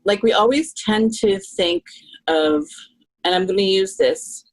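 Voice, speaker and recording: A woman's voice: medium pitch, a little slow, rough recording. A middle-aged Canadian woman, a guest on a podcast, speaking openly and reflectively and often restarting her thoughts. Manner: earnest and open, thinking aloud with restarts.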